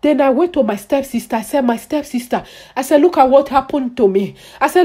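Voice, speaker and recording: A young woman tells a personal story to her vlog audience. Her voice sits high and swings widely in pitch. She repeats words and phrases over and over for dramatic emphasis. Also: lively intonation, a little fast, mellow, slightly rough. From Nigeria. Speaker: vlogger.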